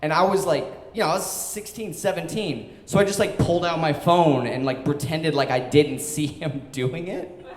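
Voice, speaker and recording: A man's voice: on the high side, normal speed. A young man in his twenties telling a story on stage, loose and chatty, full of "like" and laughs. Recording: echoey hall.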